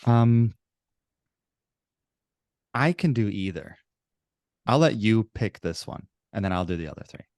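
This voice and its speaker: A man co-hosting a casual sports podcast, measured as he works through stats. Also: on the low side, expressive, darkish tone, no echo, studio quality. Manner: measured, reels off stats, laughs easily. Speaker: podcast co-host.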